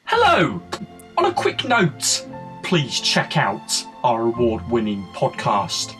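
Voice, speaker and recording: A promo announcer reads slowly and swoops up and down in a sing-song way. Clear music plays behind the voice. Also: mid-range voice, wildly swooping pitch.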